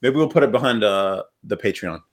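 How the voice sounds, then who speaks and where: A man's voice: fairly low pitch, animated, fairly quick. A man hosting a podcast, telling stories in a loose, rambling, profane way with lots of fillers. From upstate New York. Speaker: podcast host. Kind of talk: casual chat.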